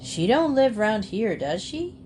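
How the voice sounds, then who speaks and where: A woman's voice: on the high side, very animated, unhurried, mellow, a little hiss or hum. A woman voicing a stubborn, hot-tempered big country man who blusters and insists, in a storybook reading. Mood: blustering.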